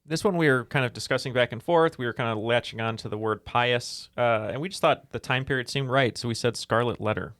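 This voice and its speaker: A man's voice: mid-range voice, brisk, hardly any pauses, fairly bright tone, no echo, clean studio sound. A man competing on a trivia podcast, telling stories in a chatty, rambling way. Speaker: quiz contestant. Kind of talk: casual podcast banter.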